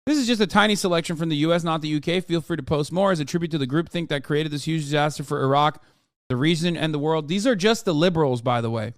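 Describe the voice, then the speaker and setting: A man's voice: fairly high pitch, dry recording, studio quality. A man hosting a live stream who reads articles aloud and breaks into profane, sarcastic rants. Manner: fast, flat reading of quoted text. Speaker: streamer host.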